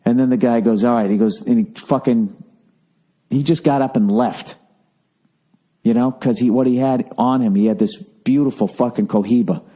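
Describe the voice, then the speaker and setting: A man's voice: medium pitch, normal speed, warm tone. Profane, ranting American man. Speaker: comedian. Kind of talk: ranting podcast monologue.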